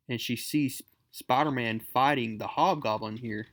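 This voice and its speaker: Man, mid-pitched voice, chatty comic book recap host, enthusiastic, casual. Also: moderate pace, a bit bright.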